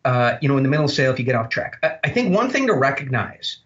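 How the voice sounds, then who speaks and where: A man talking as a podcast guest, telling blunt, animated stories and swearing freely. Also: mid-range voice, rapid-fire, dull audio. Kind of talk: storytelling interview talk.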